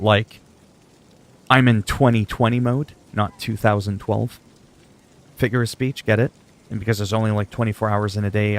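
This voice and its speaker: Gravelly-voiced man chatting on a livestream. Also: on the low side. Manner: joking, rambling, reads chat aloud. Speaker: gaming livestreamer. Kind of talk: casual livestream chat.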